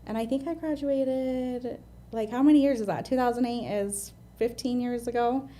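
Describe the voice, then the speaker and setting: A woman in her thirties with an American accent speaks in a mellow, darker tone as an interview guest. She is open and earnest and often restarts her sentences. She talks in a plain, unhurried way. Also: a little high, fairly even intonation. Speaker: guest, admissions medical assistant. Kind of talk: candid interview storytelling.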